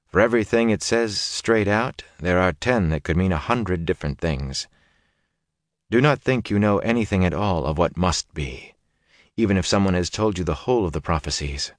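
Guy reading as a stern sorceress lady, clipped and commanding, low dry voice. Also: expressive, moderate pace, dry recording. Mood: grim. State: exhausted, speaking faintly. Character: stern sharp-tongued woman sorceress healer.

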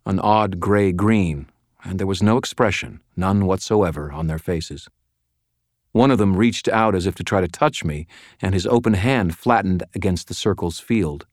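A man giving scripted first-person audiobook narration in a dry, even storytelling delivery. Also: deep voice, no room sound. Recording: dry close studio mic.

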